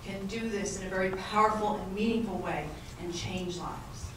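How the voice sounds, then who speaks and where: A woman's voice: mid-range voice, steady tone, moderate pace, background noise. A woman giving an earnest, encouraging talk on stage at a conference, poking fun at herself. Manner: earnest, encouraging, self-mocking. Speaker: panel speaker, trainer. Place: conference hall. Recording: echoey hall, mic from far off.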